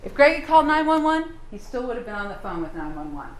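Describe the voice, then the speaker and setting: A woman's voice: mid-range voice, sing-song, fast talker. A woman prosecutor giving a courtroom closing argument, firing pointed rhetorical questions at the jury. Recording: roomy courtroom sound, faint hum.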